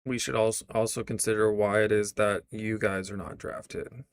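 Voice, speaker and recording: A man's voice: lowish voice, fairly even intonation, moderate pace, no echo, clean studio sound. A male streamer reacting live to a clip, incredulous and sarcastic, swearing now and then.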